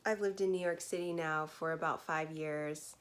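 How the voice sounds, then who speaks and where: A woman's voice: sits low, fairly even intonation, moderate pace. Chatty young woman telling a story. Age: 20s. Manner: chatty, laughs often, many "like"s. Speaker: vlogger. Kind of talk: casual storytime chat.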